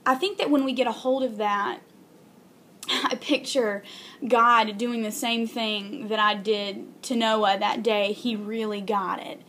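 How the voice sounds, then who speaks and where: A woman's voice: a little high, fairly even intonation, a bit bright, slight background noise. Earnest young woman sharing a faith story. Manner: earnest, halting, many ums and restarts. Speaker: video blogger. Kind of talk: casual faith vlog, heartfelt storytelling.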